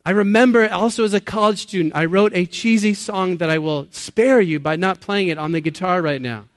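A man's voice: sits high, fairly quick, dry recording, clean studio sound. A man in his late thirties preaching a sermon to a live audience, talking in an earnest, conversational way, laughing at himself and putting questions to the listeners. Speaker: pastor. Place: church or meeting hall with an audience.

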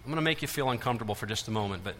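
Passionate preacher in a reverberant hall. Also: male voice, fairly low pitch, animated, very fast, slight background noise. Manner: passionate, swings from loud urging to hushed intensity. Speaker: pastor. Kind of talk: sermon. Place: large church auditorium.

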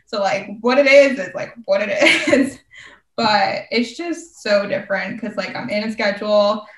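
A young woman chats casually, rambling through a personal story and saying "like" over and over. Her voice is medium-pitched and fairly bright, with a measured pace. She sounds far from the mic in a roomy space.

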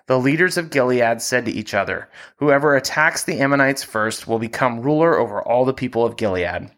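A man reads scripture aloud at an even, measured pace. His pitch sits in an ordinary middle range for a man. The delivery is that of a podcast host working through a passage. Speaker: Bible reading podcast host.

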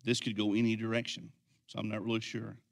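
A man's voice: on the low side, monotone, quick pace, gravelly. A man voicing a curious, earnest kindergarten boy while telling a story in a sermon.

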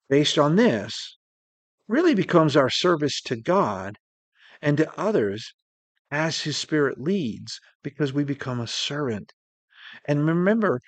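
A man preaching a sermon in an earnest way, slowing down to stress key words. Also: mid-range voice, no echo.

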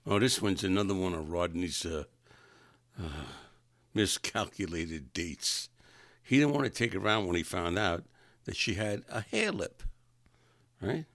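A man's voice: deep voice, a little slow, pauses often, fairly bright tone, no room sound, clean studio sound. A man casually telling rambling personal anecdotes, often correcting himself mid-sentence. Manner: rambling, self-correcting, chuckling. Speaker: storyteller.

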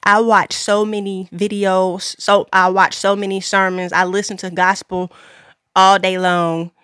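A woman's voice: mid-range voice, little pitch movement, measured pace, fairly bright tone, smooth, dry recording. Earnest woman exhorting listeners, dry close sound. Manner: earnest, repetitive, preacher-like emphasis. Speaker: podcast host. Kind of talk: faith-based exhortation.

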